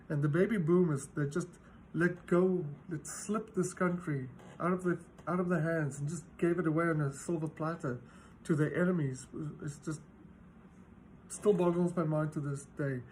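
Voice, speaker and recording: A man in his fifties, talking to camera in an exasperated, halting way as he searches for words. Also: on the high side, darkish tone, slight background noise. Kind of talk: casual talk to camera.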